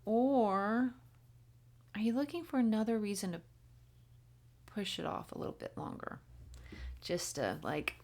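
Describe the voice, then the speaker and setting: A woman's voice: mid-range voice, lively intonation, unhurried, pauses often, darkish tone. A woman giving a casual spoken tarot reading, chatty and blunt, swearing freely and slipping into whispers. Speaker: tarot reader.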